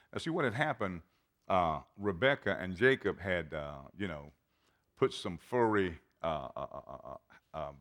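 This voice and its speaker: A man's voice: sits low, fairly bright tone. A man, a pastor, preaching a sermon and reading scripture aloud with dramatic emphasis. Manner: reads scripture aloud in old-fashioned wording.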